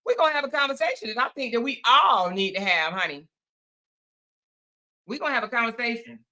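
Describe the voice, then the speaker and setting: Fairly quick and full of lively intonation, this woman's high voice sounds pushed and bright. She hosts a casual livestream, chatting with viewers, greeting them by name, and calling them y'all and honey.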